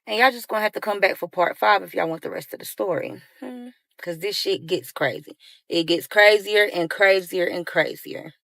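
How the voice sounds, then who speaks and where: A young woman tells her story in a lively, animated way, often turning to the audience with y'all. Her voice sits a little low. The recording is dry and close. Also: normal speed, creaky, dry recording. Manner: animated, addresses listeners as y'all. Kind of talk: story time monologue.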